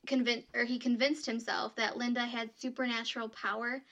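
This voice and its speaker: A woman's voice: a little high, little pitch movement, fairly quick, fairly bright tone, lo-fi sound. A woman co-hosting a podcast, casually telling a true story and reading quotes aloud, with frequent fillers.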